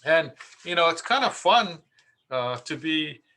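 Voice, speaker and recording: A man's voice: on the high side, big pitch swings, a little slow, sharp tone. A man, a contractor, giving casual marketing advice through stories, chatty with many fillers and repeats. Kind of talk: casual anecdotal talk.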